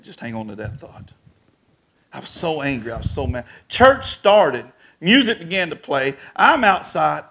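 A man preaching a storytelling sermon, animated and rising to shouts at the peaks. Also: fairly high pitch, gravelly.

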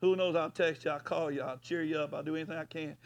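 Pastor guy preaching, high voice, folksy, gets loud and hollers. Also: steady tone, quick pace, creaky. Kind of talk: sermon.

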